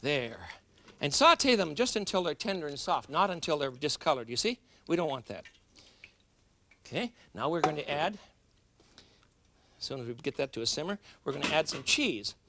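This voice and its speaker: Lively chatty man hosting a cooking show. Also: a little high, normal speed, pauses often. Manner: chatty, jokes with viewers, laughs at himself. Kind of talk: cooking demonstration. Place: studio kitchen.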